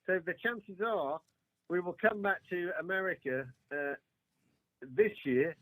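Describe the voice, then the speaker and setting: A man's voice: high-pitched, a little slow, a bit bright, no echo, low-quality recording. An English man, a podcast guest, chatting casually and hesitantly with many fillers and restarts. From England.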